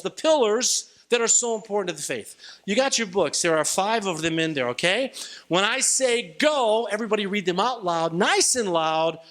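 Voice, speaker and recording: Animated, bright-voiced man preaching. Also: sits high. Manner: playful, jokey, leads call-and-response. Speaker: retreat speaker. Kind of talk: lively youth sermon.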